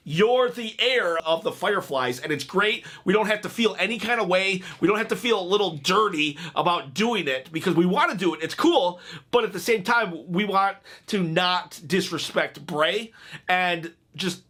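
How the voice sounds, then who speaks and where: A man's voice: high-pitched, lively intonation, normal speed, pushed and bright. A man hosting a wrestling reaction video, chatting casually and joking, laughing at his own stories.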